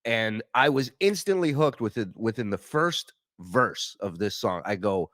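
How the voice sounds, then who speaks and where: A man's voice: on the low side, sing-song, measured pace, hardly any pauses, fairly bright tone, no room sound, clean studio sound. A man from New York co-hosting a podcast, telling a self-deprecating, enthusiastic story in casual chat. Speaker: podcast co-host.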